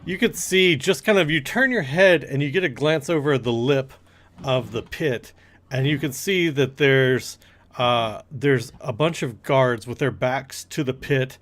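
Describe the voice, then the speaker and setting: A man at a mid-range pitch leads a tabletop game. He describes the scene as he improvises it and calls for dice rolls between descriptions. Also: measured pace, fairly bright tone. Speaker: game master.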